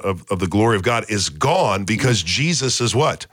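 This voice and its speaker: Low-voiced man teaching Bible study. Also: sing-song, moderate pace, a bit bright, husky, dry recording. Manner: quizzes the group with questions and repeats key words. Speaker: Bible teacher leading discussion. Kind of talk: casual Bible study podcast.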